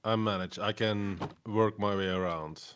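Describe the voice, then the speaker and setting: Male guest, low voice, halting and modest delivery. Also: fairly even intonation, fairly bright tone, clear, resonant tone. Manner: hesitant, understated, halting. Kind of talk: casual chat.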